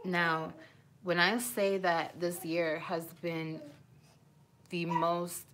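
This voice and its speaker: Woman in her twenties, live-stream vlogger on a phone at home, slow and emotional, slightly low voice. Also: flat delivery, fairly bright tone, a little hiss or hum. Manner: rambling, emotional, self-interrupting. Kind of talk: casual live-stream chat.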